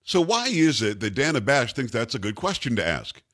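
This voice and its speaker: A man's voice: mid-range voice, big pitch swings, a little fast, fairly bright tone. A man hosting a talk radio show, making his points with rhetorical, emphatic questions to his co-host.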